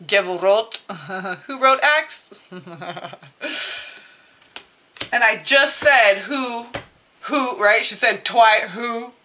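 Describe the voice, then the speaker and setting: A woman's voice: fairly high pitch, drawn-out words, long pauses, bright, forceful tone. A woman giving a casual, chatty spiritual tarot reading straight to her viewers, laughing often and swearing freely. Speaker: tarot reader.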